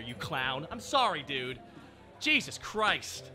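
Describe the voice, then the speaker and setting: A man's voice: mid-range voice, big pitch swings, slow, bright, forceful tone, soft background music. Sardonic, swearing male streamer. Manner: sardonic, profane, ranting. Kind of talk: casual live-stream chat.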